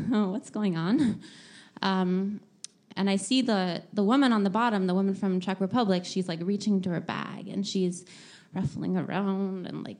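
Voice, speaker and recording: A young woman telling a travel story in a casual, animated way, laughing often and saying "like" a lot. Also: medium pitch. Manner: animated, laughing often, many filler likes.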